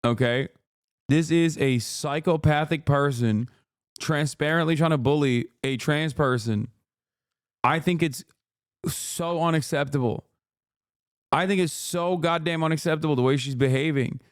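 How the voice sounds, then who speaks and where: A man's voice: fairly high pitch, a little slow, clear, resonant tone, dry recording, clean studio sound. A man streaming live, reacting to the news in a profane, exasperated rant to his chat.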